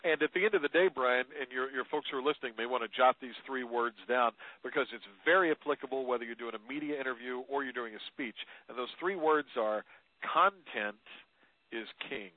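A man explains media skills in a relaxed, advisory way, repeating his key points for emphasis. His voice comes through a tinny, narrow phone line. The sound is close and dry. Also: medium pitch, fast talker, hardly any pauses, no echo. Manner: conversational, advisory, emphatic repetition. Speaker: media trainer guest. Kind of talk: teleconference interview answers.

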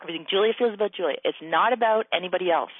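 A woman hosting a casual coaching conversation, giving blunt advice, swearing freely and acting out quotes in a high playful voice. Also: rapid-fire, slightly rough, dry recording. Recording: tinny phone-line sound.

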